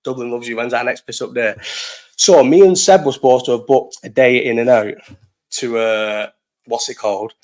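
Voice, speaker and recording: A man's voice: mid-range voice, moderate pace, darkish tone. A young man from Bolton with a Northern English accent, hosting a casual live chat in a rambling, sweary way and laughing often. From Bolton, England. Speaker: live stream host.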